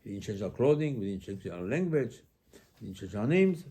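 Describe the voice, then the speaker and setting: Man, rabbi, lively sermon delivery with rhetorical questions and voiced-out quotes. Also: on the low side, brisk, slight background noise.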